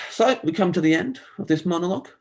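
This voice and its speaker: Gravelly man rambling comedy. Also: expressive, brisk. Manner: rambling, self-deprecating, acts out others in jumpy high voices. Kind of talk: stand-up monologue.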